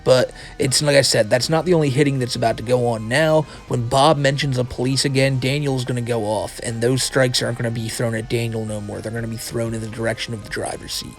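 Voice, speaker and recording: A man's voice: mid-range voice, fairly even intonation, quick pace, few pauses. Male host, loose rambling commentary with lots of cursing and restarts; faint music under him. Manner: rambling, profane, restarts a lot. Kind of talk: casual video commentary.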